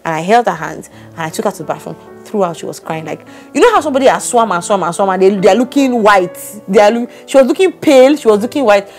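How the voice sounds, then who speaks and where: A woman's voice: mid-range voice, expressive, fast talker, hardly any pauses, a little mellow. Woman in her 30s, chatty storyteller, acts out the quotes, faint music behind. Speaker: podcast co-host. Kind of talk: casual chat.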